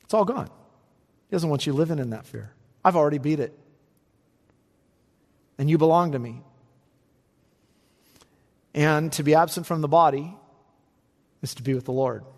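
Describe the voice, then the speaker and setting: Guy preaching a sermon, kinda high voice, swings loud then drops real low, long hall echo. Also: moderate pace, pauses often. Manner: animated preaching, rising to emphatic peaks and dropping low. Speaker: pastor.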